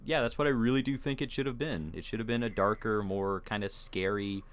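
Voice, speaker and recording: A man co-hosting a casual film discussion, animated and fond of mocking impressions. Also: lowish voice, a little fast. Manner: animated, mocking voices for effect. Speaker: podcast co-host.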